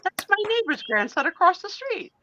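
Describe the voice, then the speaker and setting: A woman's voice: extremely high pitch, very animated, moderate pace, muffled recording, background noise. A middle-aged woman joining a live stream as a guest, chatting fondly and giggling as she tells family news. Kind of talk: casual live-stream chat.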